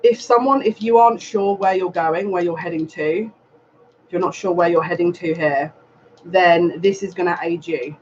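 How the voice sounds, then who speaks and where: A man's voice: high-pitched, fairly even intonation, moderate pace. A man giving a live tarot reading, earnest and repetitive, speaking straight to the viewer. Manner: earnest, repetitive, advising directly. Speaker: psychic reader. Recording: dull lo-fi sound with faint noise.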